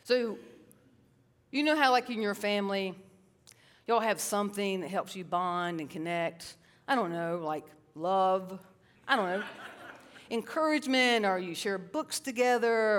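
A middle-aged woman from South Carolina, a psychotherapist giving a lively, self-mocking storytelling talk and calling the crowd y'all. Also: medium pitch. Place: large hall with a stage. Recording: long reverb of a large hall.

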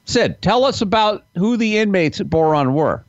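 A man's voice: sits high, animated, moderate pace, dry recording. A man hosting, eagerly prompting his guest with questions. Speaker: host. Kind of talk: casual chat. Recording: dull lo-fi, dry.

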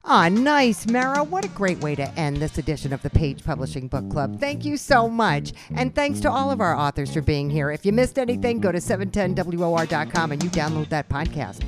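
Woman radio host, upbeat, lower voice with lively swings, faint music behind. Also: brisk, few pauses. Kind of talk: radio interview hosting.

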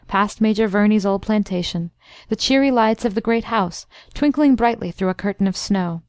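Casting: woman audiobook narrator, even storytelling, a little high, dry close sound. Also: no room sound. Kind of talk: scripted narration of a classic story.

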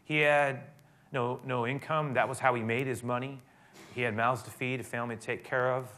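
A man preaching a sermon, retelling a story in a conversational way that swells into emphatic high points. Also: fairly even intonation, a little fast, sharp tone. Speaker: pastor.

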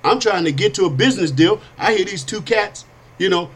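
A middle-aged man hosting a talk show, telling personal stories in an animated, streetwise way with casual slang. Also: high-pitched, fairly quick, slightly rough. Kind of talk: storytelling monologue.

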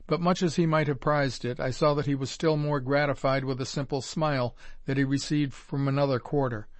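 Brief: male narrator, mid pitch, measured and formal, dry close recording. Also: steady tone, no echo. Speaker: audiobook narrator. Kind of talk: first-person audiobook narration.

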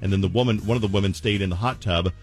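Male radio host, low voice, animated chatty delivery, faint music bed. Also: very fast, husky. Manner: animated, incredulous, recaps the caller's story. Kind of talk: casual radio chat.

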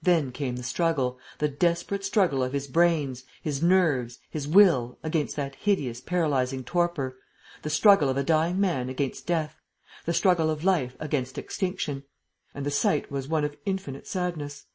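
A reader narrating a classic novel as an audiobook in a steady, measured way. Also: medium pitch.

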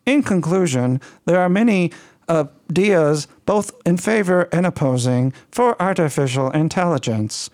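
A man doing a slow robotic computer voice. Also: on the high side, animated, a little mellow. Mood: deadpan robotic. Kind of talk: mock synthetic voice bit.

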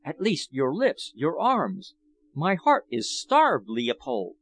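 A man reading a passionate, pleading princess in a higher, imploring voice. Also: huge pitch swings, slow pace, fairly bright tone, slight background noise, exaggerated voice. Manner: imploring, raised pitch.

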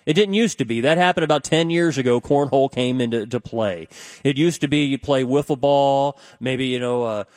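A man's voice: medium pitch, normal speed, a little mellow, no echo, studio quality. A man filling in as a radio talk host, rambling conversationally and tossing questions out to listeners on a call-in show. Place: radio studio.

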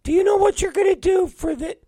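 A man voicing an overeager, rambling male friend who talks in a high, shouting voice. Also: brisk, no room sound. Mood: eager. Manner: excited, rambling, naive.

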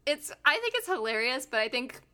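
A young woman co-hosting a podcast, telling stories in a loose, chatty way. Her voice sits a little high and sounds bright and forward. She leans on "like" constantly and swears freely. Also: very animated, fairly quick. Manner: chatty, lots of "like" fillers, swearing. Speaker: podcast co-host. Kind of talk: casual chat, storytelling.

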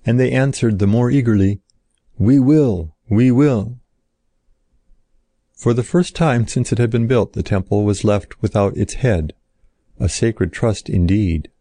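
A man reading an old-fashioned story aloud in a slow, solemn narrating style. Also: lowish voice, warm tone, no echo.

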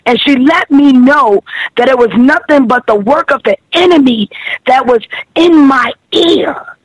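A woman with a high voice tells a personal faith testimony on a podcast. She speaks earnestly and with emotion, circling back over her words. Her voice sounds close and dry, with no room around it. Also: a little slow, dry recording, poor audio. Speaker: podcast guest sharing testimony.

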